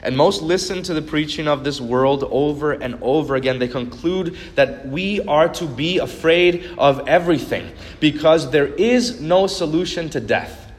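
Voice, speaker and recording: A man's voice: a little high, moderate pace, hardly any pauses. Earnest preaching man in reverberant hall. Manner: earnest storytelling preacher, building to emphatic repetition. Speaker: pastor. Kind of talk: sermon. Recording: long reverb of a large hall.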